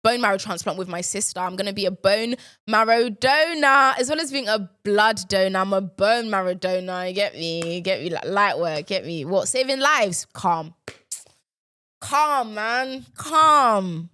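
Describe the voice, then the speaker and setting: Young female podcast host, mid pitch, sarcastic, lively swings, dry room. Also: moderate pace, clean tone, dry recording. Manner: animated, sarcastic, swings from loud outbursts to low mutters. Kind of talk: casual solo chat.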